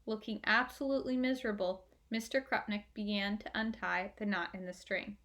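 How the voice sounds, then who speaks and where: A woman narrating a children's book aloud in a gentle, expressive way. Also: mid-range voice, brisk. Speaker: audiobook reader. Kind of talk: storybook narration.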